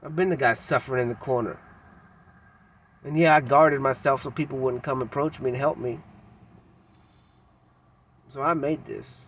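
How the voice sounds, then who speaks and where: A man in a candid personal vlog monologue, talking in a halting, reflective way with frequent pauses and fillers, blunt and self-critical with casual slang. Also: mid-range voice, fairly bright tone, a little hiss or hum. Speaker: vlogger.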